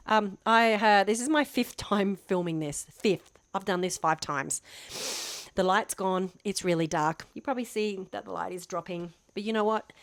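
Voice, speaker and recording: A woman's voice: mid-range voice, moderate pace, no echo. A woman in her fifties talking casually to camera, chatty and self-deprecating, rambling with restarts. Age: 50s. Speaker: vlogger.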